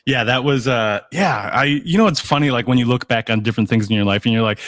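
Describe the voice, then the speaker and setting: A man's voice: fairly low pitch, a little fast, a bit bright, no echo, studio quality. A man guest on a casual video-call interview, rambling with lots of fillers and repeated yeahs.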